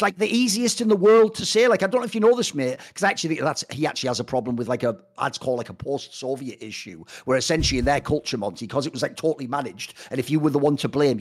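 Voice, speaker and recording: Fast, animated man ranting profanely. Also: on the high side. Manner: addresses co-host as "mate". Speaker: esports podcast co-host. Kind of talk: opinionated casual discussion.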